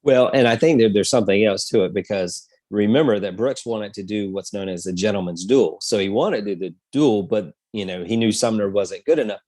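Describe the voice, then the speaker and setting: A man's voice: lowish voice, a little fast, few pauses, darkish tone, dry recording. A man co-hosting a history podcast, telling the story in a casual, rambling way with many fillers. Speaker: podcast co-host.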